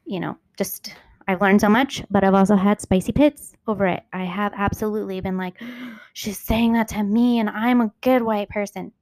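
Candid woman podcaster with a gravelly voice. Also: medium pitch, no echo. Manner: candid, rambling, with asides and self-corrections. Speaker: podcast host. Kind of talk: casual solo podcast monologue. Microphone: recording into her phone.

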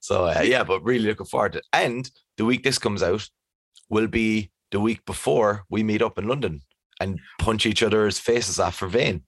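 A man's voice: on the low side, normal speed, husky, no echo, clean studio sound. A young man co-hosting a podcast in a laid-back, easygoing chat. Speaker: podcast co-host. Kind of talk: casual chat.

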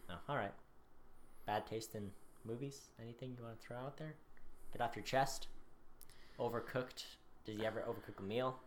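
A man's voice: mid-range voice, normal speed, pauses often, a little hiss or hum. A young man co-hosting a podcast, teasing and needling his partner in casual chat. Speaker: podcast co-host. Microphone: podcast mic on an arm.

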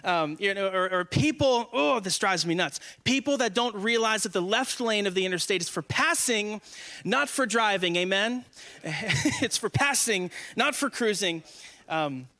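A man in his twenties preaching in church with a high, bright voice. He keeps it conversational and joking and often asks the congregation questions. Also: lively intonation, normal speed. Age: 20s. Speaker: guest speaker. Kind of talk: humorous conversational sermon.

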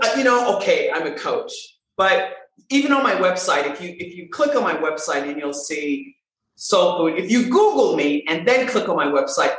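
Animated woman voice coach, echoey room. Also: low-pitched. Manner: animated, playful, emphatic repetition. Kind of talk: casual interview talk.

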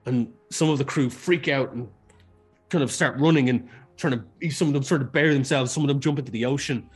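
A man's voice: mid-range voice, brisk, husky, soft background music. A man narrating as game master in a casual way, with restarts and the odd swear word.

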